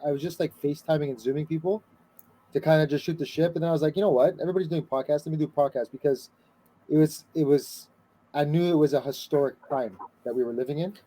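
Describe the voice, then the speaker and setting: A man hosting a podcast, chatting casually in a relaxed way and swearing offhandedly. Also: fairly high pitch, fast talker. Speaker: podcast host. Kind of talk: casual chat.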